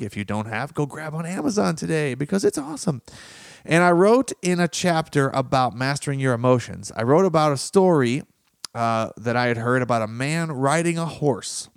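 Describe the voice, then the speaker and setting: A male relationship coach talks straight into a close microphone, his voice at a middling pitch. The sound is dry and close, with no room around it. He tells stories loosely and casually, slipping into quick impressions of the people in them. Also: creaky, no room sound. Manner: conversational storytelling, acts out quoted voices. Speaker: relationship coach and podcast host. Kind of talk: solo podcast monologue.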